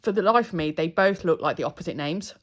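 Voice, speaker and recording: A woman's voice: on the low side, lively intonation, fast. Giggly uk woman nattering away while doing nails, voice going up and down a lot. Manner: chatty, giggly, puts on silly voices in stories. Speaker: nail artist. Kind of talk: casual chat while working.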